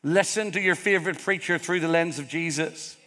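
A man's voice: fairly high pitch, brisk, bright, forceful tone. A Northern Irish man preaching a sermon as pastor, earnest and emphatic, building repeated phrases. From Northern Ireland. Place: church hall with congregation. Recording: long hall reverb.

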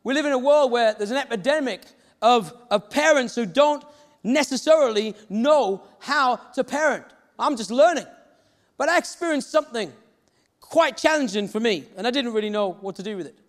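A pastor preaches a sermon in a reverberant hall, telling stories and acting out the voices of the people in them. His voice is very high and expressive, and he speaks at a moderate pace.

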